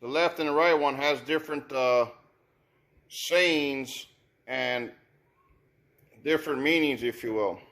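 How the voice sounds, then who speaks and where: A man's voice: mid-range voice, takes it slowly, long pauses, fairly bright tone. A man casually reviewing sneakers, thinking aloud with many repeated words and restarts. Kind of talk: casual unboxing commentary.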